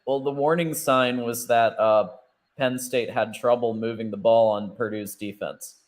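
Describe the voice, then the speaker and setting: A man's voice: medium pitch, fairly even intonation, a little slow. Guy co-hosting a football stream, gets worked up, punchy opinions. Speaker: co-host. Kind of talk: casual sports chat.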